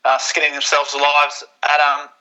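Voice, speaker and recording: A man's voice: a little high, completely flat delivery, moderate pace, bright, forceful tone, poor audio. A man co-hosting a podcast with laid-back, wry banter and casual swearing. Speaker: podcast co-host.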